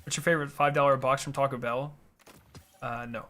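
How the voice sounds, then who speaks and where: A man's voice: medium pitch, flat delivery, fairly quick, bright, forceful tone. Joking, swearing young male streamer. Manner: joking, profane, laughs often. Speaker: game streamer. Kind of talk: casual live-stream chat.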